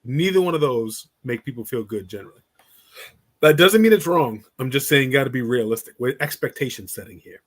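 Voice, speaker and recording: A man coaching on relationships in a casual podcast talk, blunt and animated, acting out little scenes and swearing freely. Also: medium pitch, a little fast.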